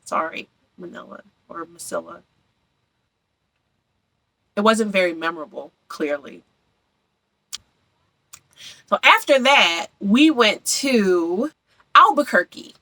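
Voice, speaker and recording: A woman's voice: mid-range voice, lively intonation, slow, creaky, long pauses, sharp tone, no echo, rough recording. A young woman from Philadelphia chatting casually and enthusiastically about her travels, repeating words for emphasis. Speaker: travel vlogger.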